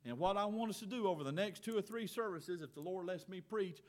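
A middle-aged man preaching a sermon in church, folksy and earnest, swinging from loud exhortation to quiet asides. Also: sits high, fast talker. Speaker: pastor.

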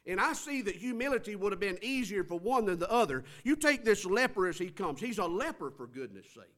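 A man preaching a sermon, swinging between loud stressed phrases and quiet drawn-out words. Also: high-pitched, very animated.

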